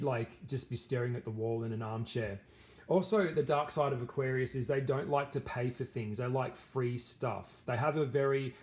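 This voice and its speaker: A man's voice: medium pitch, darkish tone. A man vlogging to camera in casual talk, rambling with many fillers and restarts.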